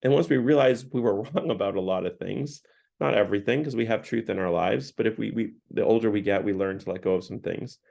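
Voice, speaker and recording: A man's voice: fairly low pitch, fairly quick, gravelly, a little mellow. A man giving a casual parish talk on a book, paraphrasing its dialogue with many "like" fillers. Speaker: parish speaker.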